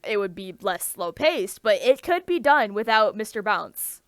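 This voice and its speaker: A woman's voice: mid-range voice, big pitch swings, a little slow, fairly bright tone, dry recording. A woman co-hosting a casual chat, talking with eager enthusiasm and many restarts. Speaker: podcast co-host.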